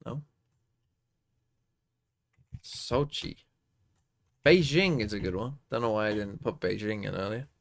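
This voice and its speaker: A man's voice: on the low side, expressive, unhurried, creaky, long pauses. A young man streaming live, muttering and swearing his way through geography quiz guesses. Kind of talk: casual live-stream commentary while playing quiz games.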